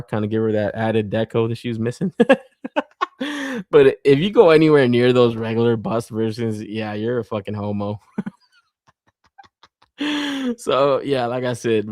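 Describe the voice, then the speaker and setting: Male podcast host, mid-pitched, rambling and profane, quick to laugh, dry close recording. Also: a little mellow, no room sound. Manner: laughing a lot and swearing constantly; loose and rambling, with many fillers. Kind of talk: casual podcast chat.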